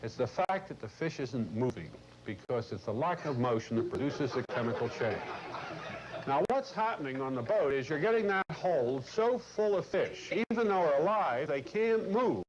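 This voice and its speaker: Man lecturing, blunt and salty, animated storyteller, muffled old videotape, faint hiss. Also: a little high, normal speed. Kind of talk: storytelling lecture to a corporate class. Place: lecture room.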